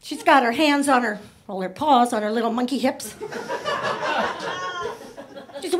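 A woman performing a stand-up comedy set on stage, chatty and quick to slip into voices for characters. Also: on the high side, heavy background noise. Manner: chatty, rapid shifts into voiced asides. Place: comedy club stage before a laughing audience.

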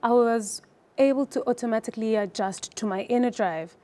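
A woman's voice: a little high, brisk, dark tone. A woman taking part in an acting lesson as a student, asking questions and checking her understanding. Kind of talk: lesson dialogue.

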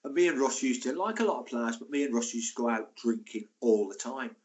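A man in his sixties recounts his playing days in a loose, chatty manner. His voice sits at an average pitch and he tells anecdotes with animated energy. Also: brisk. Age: 60s. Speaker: former footballer guest. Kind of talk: casual interview storytelling.

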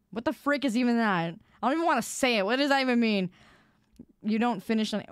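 A woman streamer chatting casually with her viewers, loud and expressive, quick to protest and tease. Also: mid-range voice, clear, resonant tone, dry recording, studio quality.

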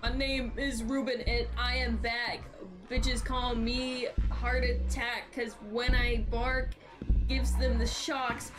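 A cocky male dog from a horror game, rapping his own praises in a slow, rhythmic swagger, as a woman streamer puts him on. The voice sits fairly high, with faint game music behind it. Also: flat delivery. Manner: slow rhythmic boastful rap delivery.

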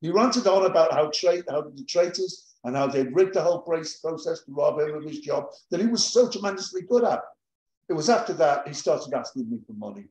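A man's voice: a little high, animated, fairly quick, a little mellow, reverberant, poor audio. A man at an open mic reading a satirical advice letter aloud in a dry storytelling manner.

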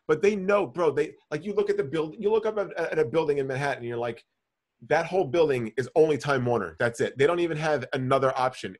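A man hosting a casual podcast, telling a profane, animated story and calling people bro. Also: fairly high pitch. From New York. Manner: animated storytelling, swears a lot, says bro. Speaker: podcast host.

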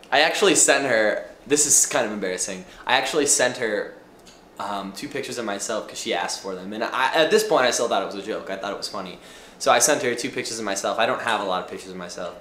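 With a low-leaning, fairly bright voice, a young man rambles to the camera from his apartment in a casual confessional way. He's hesitant and self-mocking with plenty of fillers, and the recording has a roomy echo with faint background noise.

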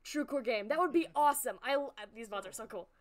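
A woman game streamer chatting excitedly with her viewers while playing, laughing often. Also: on the high side, fast talker. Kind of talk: excitable live-stream chat.

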